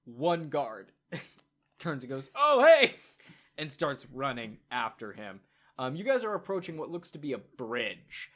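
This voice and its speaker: A man narrating a tabletop game as game master, in a casual, halting way with many fillers. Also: medium pitch, animated, a bit bright.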